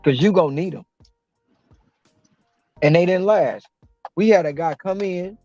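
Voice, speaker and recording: A man hosting a casual chat, telling animated stories, swearing freely and acting out what people said. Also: high-pitched, unhurried, no echo, lo-fi sound, soft background music. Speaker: host, delivery driver.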